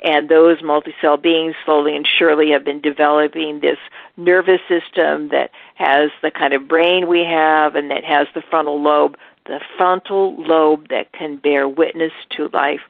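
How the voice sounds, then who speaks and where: A woman hosting a spiritual talk show, speaking slowly and earnestly in a reflective monologue. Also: low voice, steady tone, creaky, no echo, narrow, tinny audio. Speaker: host.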